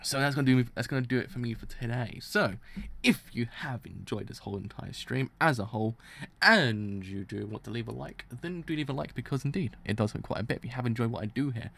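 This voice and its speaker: A young man streaming a live reaction, excitable, who swears and restarts his sentences while his throat is dry and sore. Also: medium pitch, fast talker, gravelly.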